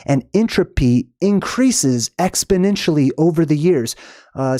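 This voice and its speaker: A man hosts a casual livestream on his own channel, lecturing about lore in a rambling way with lots of "um"s and repeated "right?" check-ins. His voice is fairly high-pitched and mellow, and the recording is dry and studio quality.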